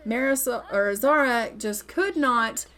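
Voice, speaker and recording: Excitable woman narrating a game. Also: on the high side, a little slow. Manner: excitable, exclaiming, gossipy. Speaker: let's-play narrator. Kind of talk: casual gameplay commentary.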